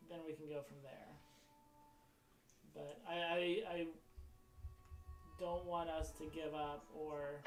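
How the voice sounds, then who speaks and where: A man in a tabletop game speaking earnestly and haltingly in character. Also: on the high side, roomy sound, poor audio. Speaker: player.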